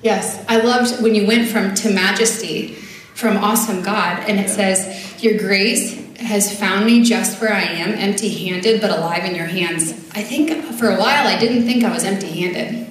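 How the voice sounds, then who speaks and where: A woman's voice: medium pitch, normal speed, recorded from a distance. Woman giving a sermon, chatty and earnest, lots of ums, big echoey church sound. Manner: earnest, conversational, with frequent filler words. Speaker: speaker at a church service. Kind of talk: sermon with scripture reading.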